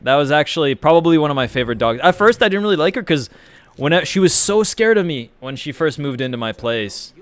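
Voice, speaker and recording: In a dry recording, a man streams a game and casually answers his viewers' messages, rambling and swearing as he goes. His voice is on the high side, animated and quick.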